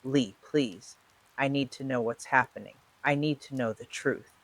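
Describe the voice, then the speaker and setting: A scared young woman pushing anxiously for the truth, as a storyteller puts her on. Her lines sit a little higher than the storyteller's plain narration. The reading stays close to an everyday voice. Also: a little slow, low-quality recording. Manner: anxious, pressing. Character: frightened young woman coaxing a confession. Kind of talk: true-crime storytelling.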